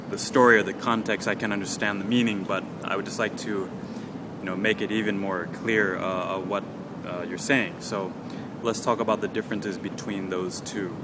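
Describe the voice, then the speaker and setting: Patient low-voiced man teaching pronunciation. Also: background noise. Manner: patient, repeats words slowly for learners. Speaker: English teacher and podcast host. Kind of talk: English pronunciation lesson.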